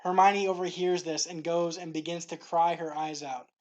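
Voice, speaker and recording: A woman hosts a faith series and reads her devotional narration from a script. Her voice sits a little low, and she keeps her delivery clear and steady throughout. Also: moderate pace, muffled recording.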